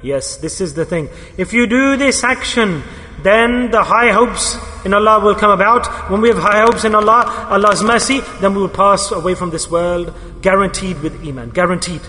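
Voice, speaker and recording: A man's voice: high-pitched, moderate pace, pushed and bright. A male preacher delivering a sermon, emphatic, repeating key words and putting questions to his listeners. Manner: poses questions to the audience. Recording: echoey hall with long reverb.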